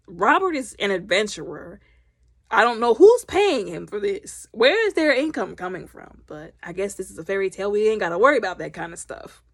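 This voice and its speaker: A woman recapping a film loudly and animatedly, acting out the characters' lines. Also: medium pitch, no room sound, clean studio sound. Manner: loud. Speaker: movie reviewer. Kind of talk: casual movie recap.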